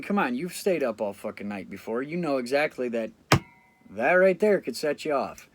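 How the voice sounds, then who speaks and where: A tired man talks straight into the camera, blunt and reflective, swearing freely as he thinks aloud. His voice sits at an everyday middle pitch. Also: a little hiss or hum. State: fatigued after a sleep deprivation study. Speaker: vlogger. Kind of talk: casual talk to camera.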